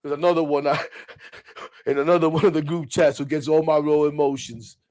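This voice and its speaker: A fired-up man hosts a live sports stream, joking, laughing and cursing as he shouts out his friends. His voice sits a little high for a man. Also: a little fast. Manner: animated, laughing, shouting out friends, swearing freely. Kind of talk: excited casual live-stream chat.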